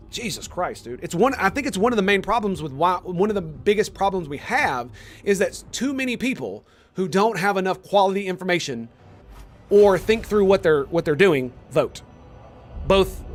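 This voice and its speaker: A young male streamer in casual chat with viewers, getting worked up and profane as he argues. His voice sits a little higher than most men's. He keeps firing rhetorical questions back at the chat. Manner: heated, profane ranting at chat; argumentative, fires rhetorical questions. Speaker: game streamer.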